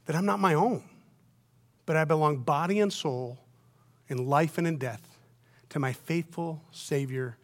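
Middle-aged male preacher, slightly high voice, emphatic sermon style with big loud-soft swings. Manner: dynamic, swings from near-whispers to loud emphatic peaks. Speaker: pastor.

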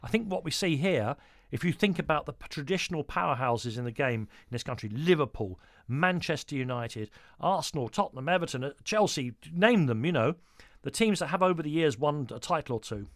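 Male interviewer, a bit higher pitch, conversational and teasing, dry studio sound. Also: lively intonation, fairly quick, no room sound. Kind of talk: interview questioning.

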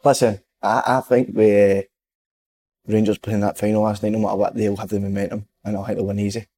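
A man's voice: on the low side, flat delivery, brisk, warm tone. A man co-hosting a podcast, teasing his friends in casual banter. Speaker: podcast co-host.

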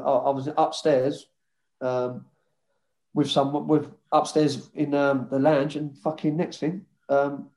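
A man's voice: a little high, little pitch movement, slow, a little mellow. A man, a former footballer casually telling rambling anecdotes in an interview, swearing freely.

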